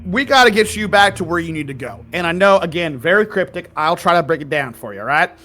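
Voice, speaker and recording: A man's voice: fairly high pitch, expressive, fast talker, pushed and bright. A man voicing a jovial, slightly drunk male skeleton guide in a tabletop game, rambling in a folksy drawl with chuckles. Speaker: game master.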